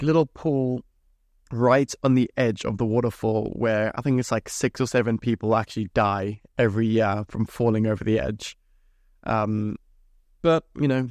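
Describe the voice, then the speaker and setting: A man's voice: medium pitch, darkish tone, no echo, studio quality. A young man from Zimbabwe hosting a podcast, telling rambling, chatty stories with casual swearing. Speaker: podcast host. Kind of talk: casual storytelling monologue.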